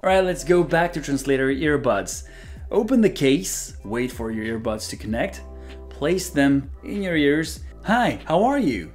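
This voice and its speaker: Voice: mid-range voice, animated, a little slow, faint music behind. A product reviewer demonstrating a translation device, switching between several languages as they test it.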